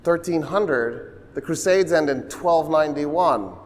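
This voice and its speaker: A man delivers a public history lecture in an animated, joking manner, tossing in asides and quick impressions. His voice sits a bit high for a man. Long reverb from a large hall trails his words. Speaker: university lecturer.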